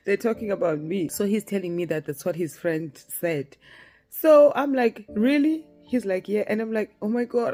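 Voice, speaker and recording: A young woman talks through a storytime in a casual monologue. Her voice sits at an ordinary middle pitch and keeps jumping up as she laughs and acts out what people said. Faint music runs quietly behind her. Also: normal speed. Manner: animated, laughs often, acts out dialogue. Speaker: storytime vlogger.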